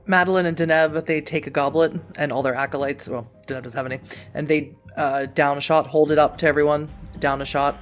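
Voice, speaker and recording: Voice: medium pitch, steady tone, fast, soft background music. Gm running a tabletop game, chill and jokey, uh's and laughs. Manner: casual, joking narration with fillers. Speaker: game master.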